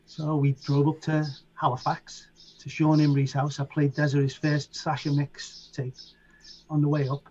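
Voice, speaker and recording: A middle-aged man from England with a Liverpool accent, a DJ telling animated stories as an interview guest and acting out voices and sounds. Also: on the high side, moderate pace, lo-fi sound. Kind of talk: casual storytelling.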